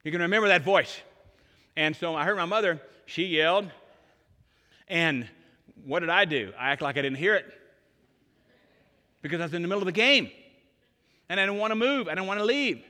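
A man in his sixties preaching an Easter sermon, telling stories and swinging between loud emphatic lines and hushed ones, in a large church. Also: high voice, a little fast, long pauses. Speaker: pastor. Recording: long hall reverb.

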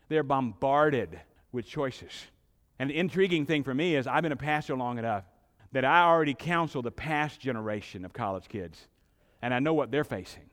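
A middle-aged man preaching a sermon as pastor, emphatic, with dramatic pauses and swelling intensity, in a church sanctuary. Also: mid-range voice. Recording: long hall reverb.

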